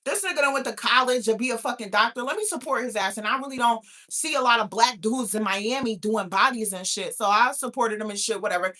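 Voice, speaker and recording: Brash, bright-voiced woman in her thirties. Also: a little high, fast talker, few pauses. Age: 30s. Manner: brash, profane, loud and laughing. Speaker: podcast host. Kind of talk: casual chat.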